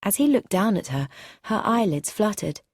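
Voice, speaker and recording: Clear, measured woman narrating a storybook. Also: medium pitch, big pitch swings, darkish tone, no room sound, studio quality. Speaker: audiobook narrator. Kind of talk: scripted audiobook narration for learners.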